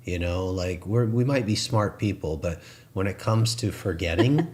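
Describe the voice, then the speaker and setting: Deep-voiced man musing on spiritual growth. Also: moderate pace, darkish tone. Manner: reflective, preacher-like, coaching tone. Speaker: co-host. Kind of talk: spiritual talk show chat.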